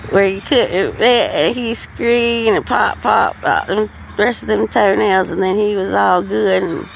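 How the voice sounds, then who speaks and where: A woman's voice: mid-range voice, gravelly, poor audio. Middle-aged woman podcaster, folksy and rambling, with faint crickets and traffic outside. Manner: rambling, folksy, with frequent restarts. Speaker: podcast host. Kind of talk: casual storytelling monologue.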